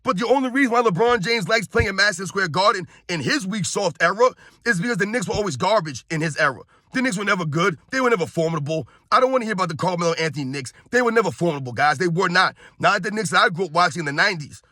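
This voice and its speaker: A man's voice: sits high, lively intonation, quick pace, hardly any pauses, bright, forceful tone, dry recording, studio quality. A man from New York in his thirties, ranting heatedly and bluntly in sports commentary, repeating himself and calling his viewers guys.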